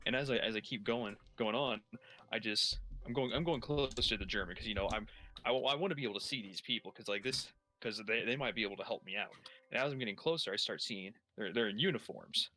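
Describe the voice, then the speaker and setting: A man's voice: lowish voice, quick pace, bright, forceful tone, slight background noise. A young man telling a long story while playing a game, rambling, swearing heavily and restarting his sentences. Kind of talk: casual profane storytelling while gaming.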